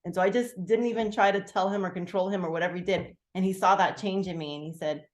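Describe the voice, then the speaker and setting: A woman's voice: fairly low pitch, steady tone, echoey room. Candid woman sharing on a video call. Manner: candid, halting, many "like" fillers, bursts of acted-out quotes. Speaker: team leader sharing gratitude.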